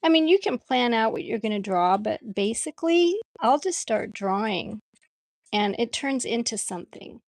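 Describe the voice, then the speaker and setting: A woman's voice: a little high, animated, normal speed, creaky, no room sound. A woman chatting casually with viewers while she draws on a livestream, laughing often as she reads out their comments. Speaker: art livestream host.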